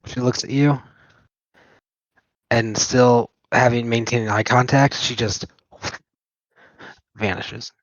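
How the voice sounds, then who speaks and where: A man's voice: medium pitch, fairly even intonation, slow pace, long pauses, no echo. A man narrating as game master of a tabletop game, describing scenes loosely with fillers and chuckles. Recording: dull lo-fi dry mic.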